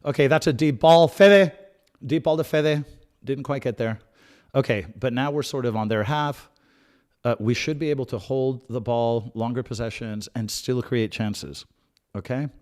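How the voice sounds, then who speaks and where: A man's voice: mid-range voice, normal speed. Chatty man giving live fan commentary. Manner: calm tactical analysis with sudden excited outbursts; chatty, repeats himself and restarts phrases. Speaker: host of a live match watch-along.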